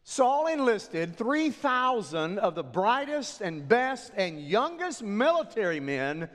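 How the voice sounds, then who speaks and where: A male preacher retells a story in a sermon, his voice set high and swinging widely, sometimes sinking to near whispers for effect. Long reverb from a large hall follows every line. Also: slow. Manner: animated retelling with dramatic drops to near whispers.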